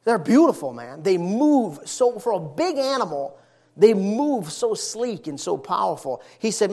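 High-voiced man preaching a folksy sermon. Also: a little slow. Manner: animated, folksy storytelling with emphatic repetition.

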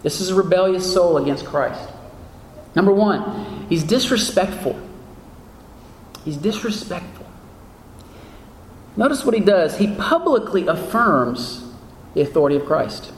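Male pastor, high voice, earnest sermon delivery, rhetorical questions, long hall reverb. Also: sing-song, moderate pace, a little hiss or hum. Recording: echoey hall with faint ambience.

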